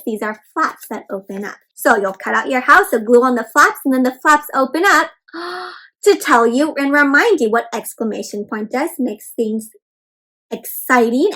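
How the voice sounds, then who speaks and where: Brief: woman, high-pitched kids' read-aloud host, encouraging sing-song teacher. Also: fairly bright tone, rough recording. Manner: encouraging, repeatedly addresses listeners as friends; bouncy sing-song teacher delivery with counted prompts. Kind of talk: teaching young children after a read-aloud.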